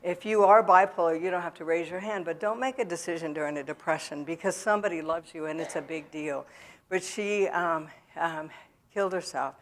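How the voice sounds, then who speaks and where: A woman gives a personal testimony to a church audience, her voice sitting on the low side. She talks haltingly, with fillers and restarts, and turns to the listeners directly. It sounds like a church sanctuary. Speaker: guest speaker at a recovery event.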